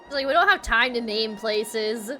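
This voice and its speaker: A woman's voice: on the high side, lively intonation, moderate pace, pushed and bright. A woman streaming a video game, chatting in a bubbly way with her viewers. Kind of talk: casual gameplay commentary. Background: game music.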